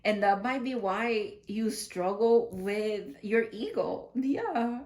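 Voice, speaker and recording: A woman's voice: mid-range voice, animated, takes it slowly, a little mellow. A woman giving a casual spiritual tarot card reading, chatty and giggly, thinking aloud and often restarting her sentences. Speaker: tarot reader.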